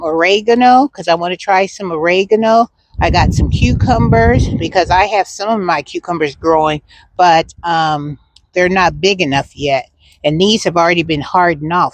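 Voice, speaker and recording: A chatty woman vlogging about gardening, her voice a bit low and rambling with plenty of ums. The sound is close and dry, as if recorded on a phone. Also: no echo. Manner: chatty, rambling, frequent fillers. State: out of breath. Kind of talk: casual vlog chat. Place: in a car.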